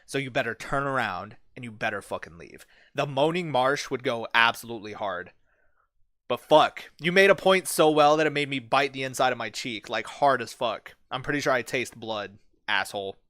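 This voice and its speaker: A man hosting a livestream, chatting casually with his chat, swearing a lot and telling vivid stories with hushed dramatic build-ups. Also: medium pitch, normal speed, no echo, clean studio sound. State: bit his cheek, sore mouth. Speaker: livestream host reading chat.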